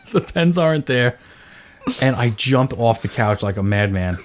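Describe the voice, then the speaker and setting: Speaking slowly in a mid-range voice, a man in his thirties who hosts a podcast recounts a story in casual chat, with a little hiss or hum in the background. He's animated and performs his own quoted lines, yelling included.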